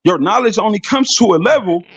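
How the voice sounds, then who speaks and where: A man's voice: sits high, lively intonation, brisk, breathy edge, dry recording, dull audio. A man in a heated debate who talks over others and repeats himself insistently. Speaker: debate participant.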